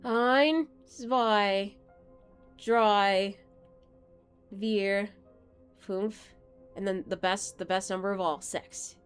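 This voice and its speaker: Slow-talking playful woman streamer. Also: mid-range voice, smooth, soft background music. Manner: playful, rambling, laughing asides. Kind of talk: casual gaming stream chat.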